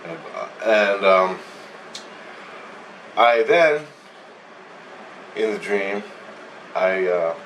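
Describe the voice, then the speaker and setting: A man's voice: on the low side, animated, extremely slow, long pauses, fairly bright tone. A man casually recounting a dream, meandering and swearing freely as he goes. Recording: echoey room, distant mic, faint hum.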